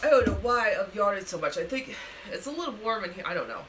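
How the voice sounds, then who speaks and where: A woman's voice: medium pitch, big pitch swings, fast, noisy background. A woman co-hosting a live stream, chatting casually and giggling about the game. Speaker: stream co-host. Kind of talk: casual reaction chat.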